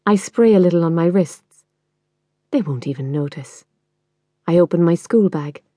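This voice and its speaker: A woman reading a novel in the first person, measured and intimate. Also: fairly low pitch, expressive, dark tone, dry recording. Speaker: audiobook narrator.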